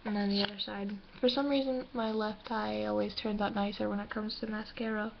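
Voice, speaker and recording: A woman's voice: medium pitch, little pitch movement, brisk. A young woman chatting casually through a makeup tutorial, teasing herself as she works, recorded on a laptop microphone at home. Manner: chatty, self-deprecating, talks while doing makeup. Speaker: beauty vlogger. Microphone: laptop camera mic. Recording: dull lo-fi laptop recording with clear noise.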